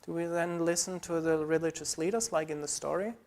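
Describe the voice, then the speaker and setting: A man's voice: a little high, steady tone, brisk, a little mellow. A man preaching a sermon as pastor, earnest and pleading, building through repeated phrases.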